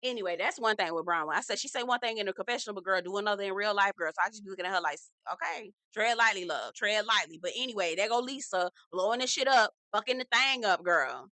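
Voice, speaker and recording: A woman recapping a reality show in a sassy, profane, gossipy way, acting out quotes with animated flair. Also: mid-range voice, fast, few pauses, dry recording. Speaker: reality TV reviewer. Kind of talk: casual recap vlog.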